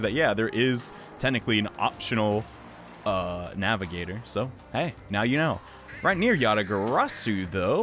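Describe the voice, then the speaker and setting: A man's voice: on the low side, fairly bright tone. A man giving casual gameplay commentary as the host of a let's play, wry, sarcastic and chatty.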